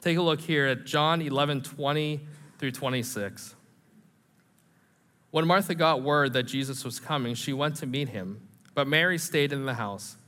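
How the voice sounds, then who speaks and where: A man delivers an animated, conversational sermon to his congregation, slipping in self-deprecating humor. His voice sits a bit high and rings bright and forceful. The sound carries a long reverb from a church hall. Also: normal speed. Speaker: pastor.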